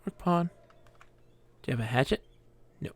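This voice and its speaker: A man's voice: medium pitch, lively intonation, moderate pace. A man streaming a game live, chatting in a goofy, joking, self-mocking way.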